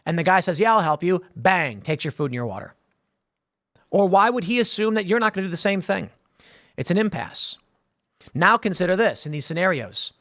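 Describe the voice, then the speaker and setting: A man's voice: high voice, sing-song, fairly quick, long pauses, fairly bright tone, dry recording. Emphatic man with a dry, close sound. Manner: emphatic, rambling, acts out voices in scenarios. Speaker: political commentator host. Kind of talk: opinionated political commentary.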